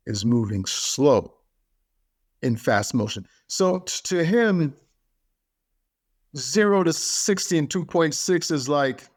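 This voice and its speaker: Emphatic man giving a motivational podcast talk. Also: medium pitch. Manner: emphatic, builds points through repetition. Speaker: podcast speaker.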